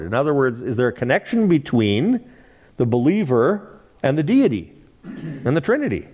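Male Bible study teacher, animated delivery, engages the class with questions. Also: mid-range voice, moderate pace, slightly rough. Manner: animated, asks the class questions, laughs lightly. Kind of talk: interactive Bible class lecture.

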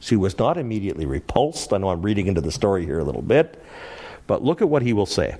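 A man teaching through a Bible passage, animated and laughing often as he acts out the quoted lines. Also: fairly low pitch, fast talker, breathy edge.

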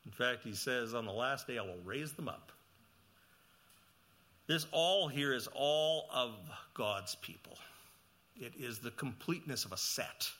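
A pastor delivers an animated sermon at a measured pace, posing questions to the listeners and reading scripture aloud. He climbs to loud, emphatic peaks, then sinks into quiet, low passages.

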